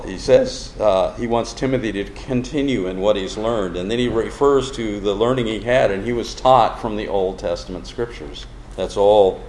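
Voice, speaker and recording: A man's voice: on the low side, darkish tone. A man preaching a sermon, explaining a Bible verse word by word and asking the congregation questions as he goes. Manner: slow, deliberate, explains word by word and asks the audience questions. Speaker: pastor. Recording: roomy hall with faint background noise.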